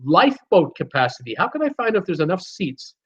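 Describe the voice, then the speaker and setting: A middle-aged man hosts a live cruise chat stream, reading out viewer comments in a friendly, rambling way full of fillers. His voice sits a little high for a man. The audio is dull and lo-fi, like a basic stream setup. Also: very animated, a little fast, fairly bright tone, slightly rough. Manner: chatty, upbeat, reads names and greetings aloud with many fillers.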